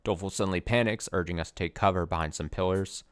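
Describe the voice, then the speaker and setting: Low-voiced guy reading out a game's text, steady and plain. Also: fast. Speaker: let's play narrator. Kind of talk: reading game text aloud.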